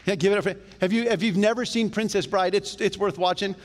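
Animated pastor preaching in a reverberant church. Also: male voice, sits high, fast, noisy background. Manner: conversational and animated, with jokes aside. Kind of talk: sermon. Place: church sanctuary. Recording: long reverb of a church hall.

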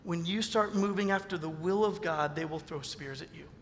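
A man preaching a sermon as pastor, animated, acting out the voices of the people he quotes. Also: fairly high pitch, moderate pace, slight background noise. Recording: long reverb of a hall.

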